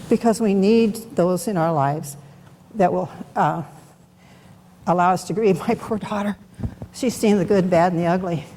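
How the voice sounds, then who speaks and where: A woman's voice: lowish voice, warm tone. A middle-aged woman speaking at a Bible study, giving an unscripted, candid personal testimony in a conversational way. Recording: long hall reverb, faint background noise.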